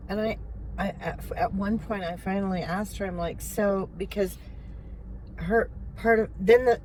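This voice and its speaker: A woman's voice: medium pitch, steady tone, measured pace, poor audio. An older woman vlogging from a car, upset and holding back tears as she recounts an argument. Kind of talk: emotional personal vlog. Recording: loud road noise in a car.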